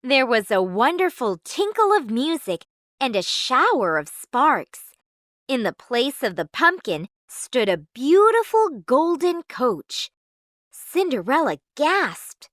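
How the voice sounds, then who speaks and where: A woman reading a children's storybook aloud in a clear, measured, expressive way. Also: high voice, dry recording, studio quality.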